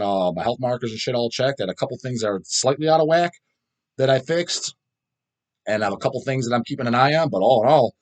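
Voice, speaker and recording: Man, 30s, vlog host, rapid-fire profane comment rant, mid pitch. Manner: blunt, profane, laughing, fast-talking. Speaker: channel host reading comments.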